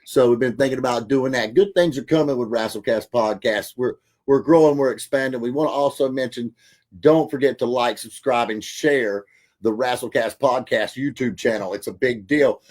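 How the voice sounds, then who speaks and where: A man in a middle pitch hosts a podcast with loose, excitable energy. He stumbles through plenty of "uh" and restarts and relays what viewers say. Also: normal speed. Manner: hyped, filler-heavy, reads out viewer comments. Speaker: podcast host. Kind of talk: casual podcast chat.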